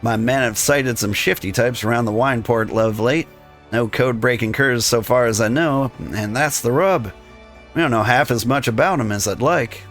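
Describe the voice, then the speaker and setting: A man's voice: medium pitch, natural voice. A man voicing a shrewd male thieves' guild leader who gives orders in thieves' slang. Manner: commanding, full of thieves' slang. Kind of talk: reading game dialogue aloud.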